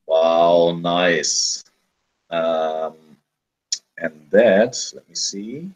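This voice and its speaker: Game master, male, low and slow, halting with lots of ums. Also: lively intonation, rough recording. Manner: hesitant, many fillers and restarts. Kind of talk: running a tabletop game over a call.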